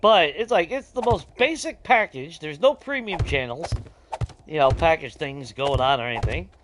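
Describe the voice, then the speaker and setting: A man's voice: a little high, moderate pace, a little hiss or hum. A man, talking casually while he plays, ranting with heavy swearing. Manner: profane, animated ranting with laughs. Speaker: gaming streamer. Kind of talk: casual ranting chat over gameplay.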